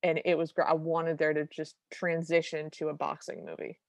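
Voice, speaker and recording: A woman's voice: deep voice, normal speed, creaky, dry recording. A woman co-hosting a podcast, recapping a cartoon in a wry, detailed, opinionated way. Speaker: podcast co-host. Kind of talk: casual chat recapping a film.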